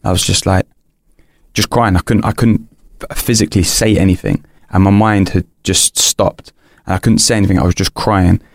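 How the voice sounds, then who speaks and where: A man's voice: sits low, fairly even intonation, moderate pace, creaky, no room sound, clean studio sound. A young man, a podcast guest, candidly telling a personal story in an earnest, rambling way, full of restarts and fillers.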